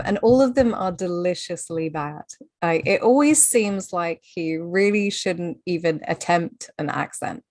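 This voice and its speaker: A woman's voice: fairly low pitch, a little mellow, no echo, clean studio sound. A woman on a podcast panel who talks casually in a wry, amused way and laughs easily.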